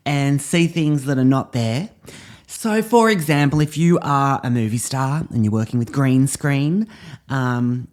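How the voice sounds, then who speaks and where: A man's voice: mid-range voice, a little mellow. A man in character as a self-important drama teacher, musing aloud in a rambling monologue. He pads his talk with ums and little asides, sure of his own expertise. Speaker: drama teacher character hosting a comedy podcast. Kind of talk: scripted comedy monologue in character.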